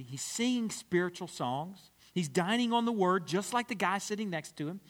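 Man preaching, high voice, very animated, acts out voices in his story. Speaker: pastor. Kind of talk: sermon.

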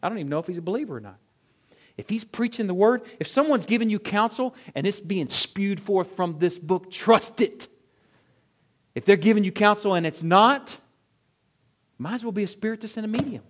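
A pastor delivers a morning sermon in a slightly higher-pitched male voice. He builds to loud, emphatic climaxes, then sinks to low, hushed phrases, and he stacks up rhetorical questions as he goes. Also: lively intonation, moderate pace. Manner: preaching with wide swings in loudness and pitch, rhetorical questions.

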